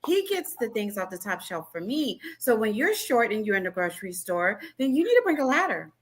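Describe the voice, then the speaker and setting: A woman co-hosting a podcast, telling stories in a lively, emphatic casual way. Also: medium pitch, a little fast. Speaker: podcast co-host. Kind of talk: casual chat.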